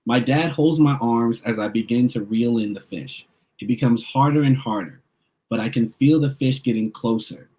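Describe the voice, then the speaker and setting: Man, children's author, reading aloud, expressive first-person narration. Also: mid-range voice, moderate pace. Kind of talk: reading a picture book aloud.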